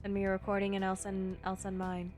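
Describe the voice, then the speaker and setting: A woman's voice: mid-range voice, completely flat delivery, fast, over music. A young woman streamer chatting with her viewers and reading a game aloud, giggly and chatty.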